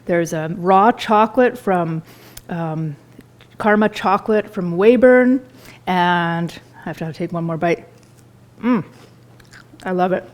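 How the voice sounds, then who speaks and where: A woman's voice: lowish voice, takes it slowly, pauses often. A woman, a chef giving a live cooking demonstration in a store kitchen, chatty and enthusiastic as she tastes food while she talks.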